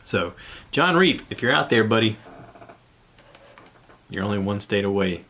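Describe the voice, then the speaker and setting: A man's voice: on the low side, animated, unhurried, sharp tone, a little hiss or hum. A man, hosting a casual solo podcast from home in a rambling, easygoing way with frequent chuckles. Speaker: podcast host.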